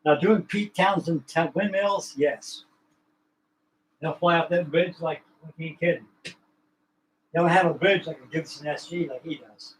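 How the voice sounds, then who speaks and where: A man's voice: fairly high pitch, unhurried, long pauses, rough recording. A man with a slightly raised voice chats casually as the host of a livestream. His talk is folksy and colloquial, and he drifts from one point to the next. Faint ambient noise sits under the voice. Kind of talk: casual chat.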